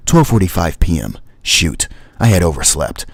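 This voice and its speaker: A man hosting a livestream, reading his own travel story and then chatting about it in a relaxed, rambling way. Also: low-pitched, moderate pace, gravelly, breathy edge, dry recording. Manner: relaxed storytelling with fillers and chuckles. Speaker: livestream host and flight sim reviewer.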